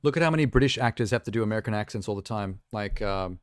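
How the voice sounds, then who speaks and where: Smooth low-voiced male streamer chatting. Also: animated, fast talker, dry recording, studio quality. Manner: rambling, chatty, self-amused asides. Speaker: live streamer. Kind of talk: casual chat while reacting to trailers.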